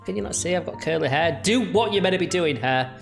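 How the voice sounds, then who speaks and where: A man's voice: on the high side, animated, fast, vocal fry, over music. A young man giving chatty, mocking reaction commentary on video clips. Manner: chatty, jokey, mocking asides.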